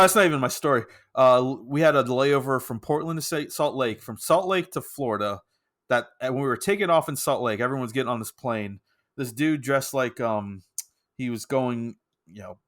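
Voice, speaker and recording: A man's voice: medium pitch, fairly bright tone. Laughing, swearing man telling a story. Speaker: podcast co-host. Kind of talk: casual chat.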